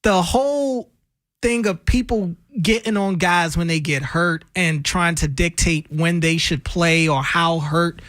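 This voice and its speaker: A man's voice: fairly high pitch, a little slow, a bit bright, no echo, clean studio sound. A man co-hosting a sports talk radio show, talking casually and getting fired up over his opinions. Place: radio studio. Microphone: studio microphone.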